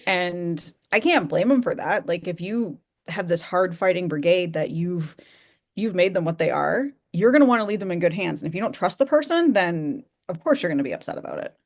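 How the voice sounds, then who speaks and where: A woman talking casually on a video call, explaining her views in a thoughtful, measured way. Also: lowish voice.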